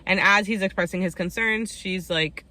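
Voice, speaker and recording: A woman's voice: medium pitch, moderate pace, pushed and bright. A young woman recapping a reality dating show in a casual chat, full of "like" and "um" fillers, telling the story with plenty of opinion.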